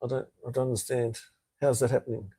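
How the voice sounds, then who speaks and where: A man's voice: mid-range voice, flat delivery, fast talker, mellow, breathy edge. Rambling Australian man live-streaming. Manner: rambling, with frequent "uh", "mate" and "hey". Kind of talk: casual live-stream chat, reading viewer comments.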